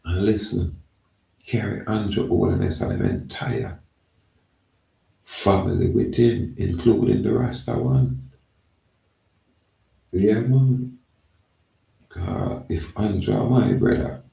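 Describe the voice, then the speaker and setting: A man's voice: lively intonation, warm tone, highs cut off. A man with a Jamaican accent talking in a loose, rambling monologue, often saying "yeah, man". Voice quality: gravelly, low and slow. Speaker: channel host. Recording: echoey room, mic at a distance.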